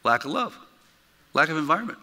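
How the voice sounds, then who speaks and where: A man's voice: on the high side, big pitch swings, brisk, sharp tone, in a large hall. A male pastor preaching a sermon in an emphatic, conversational way, talking directly to his congregation. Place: church sanctuary.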